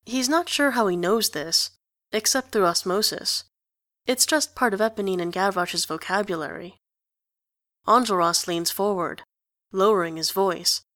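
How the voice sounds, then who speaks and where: A woman narrating a story aloud in an even, conversational manner. Her voice sits at a middle pitch, recorded close and dry with no room. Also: unhurried, no echo. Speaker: reader. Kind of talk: audiobook narration of fan fiction.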